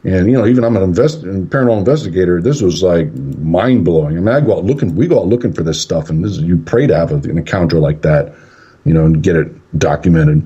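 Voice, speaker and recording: A man's voice: low voice, fast talker, dark tone, husky. A man, a paranormal investigator and radio guest, rambling through a story and acting out the quotes. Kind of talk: casual storytelling on a radio show. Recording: dull lo-fi radio call.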